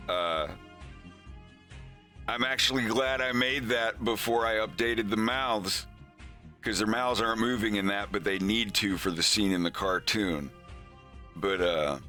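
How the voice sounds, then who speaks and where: A man with a lowish, sharp-toned voice hosts a casual animation progress stream. His live-stream chat rambles, with many restarts and casual swearing.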